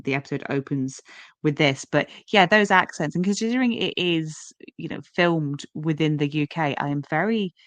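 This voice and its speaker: A woman's voice: low voice, normal speed, no room sound. A British woman co-hosting a podcast, talking through her thoughts carefully with some restarts. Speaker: podcast co-host. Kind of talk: casual chat.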